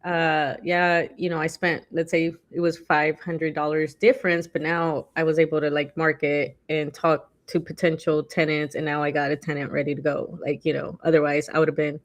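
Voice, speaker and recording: A woman's voice: low-pitched, level tone, normal speed, few pauses, highs cut off. A woman co-hosting a casual chat, talking loosely with lots of fillers and acting out quotes animatedly. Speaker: podcast co-host.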